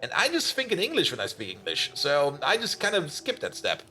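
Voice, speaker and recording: A man's voice: a little high, huge pitch swings, fairly quick, sharp tone, soft background music. A young man, a native German speaker with a German accent, chatting casually with his viewers while playing a game on a live stream. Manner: chatty, answers chat, hums and laughs while playing.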